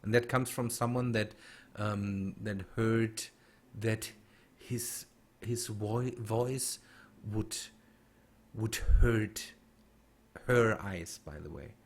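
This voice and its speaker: A man streaming a game and chatting with viewers, halting and restarting as he reads chat. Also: fairly low pitch. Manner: halting, many restarts and fillers while reading chat. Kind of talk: casual gameplay stream chat.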